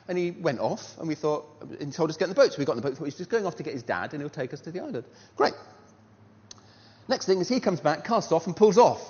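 A man preaching in a sermon, his fairly high voice leaping up and down as he tells a story and fires off rhetorical questions. The sound is dull, and a long reverb trails through a large hall. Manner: animated, rhetorical questions, self-deprecating humour.

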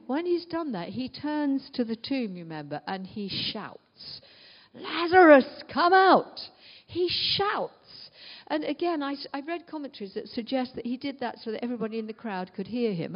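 A woman preaching a sermon in an earnest way, often asking her listeners rhetorical questions. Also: on the high side. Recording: dull long reverb of a large hall.

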